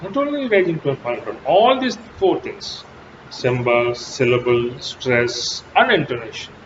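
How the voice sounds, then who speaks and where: Slow, emphatic male lecturer. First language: Telugu. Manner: slow, emphatic teaching with sharp pitch jumps on key words. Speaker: English lecturer. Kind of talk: recorded college lecture. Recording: dull lo-fi audio with steady background noise.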